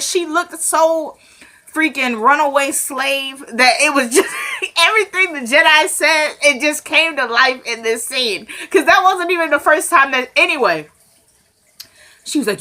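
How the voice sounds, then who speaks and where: Woman breaking down a tv episode, bright voice, lively and chatty, does the characters' lines. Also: a little high. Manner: animated, quotes characters, quick asides and laughs. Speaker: TV episode recapper. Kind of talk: casual recap and commentary.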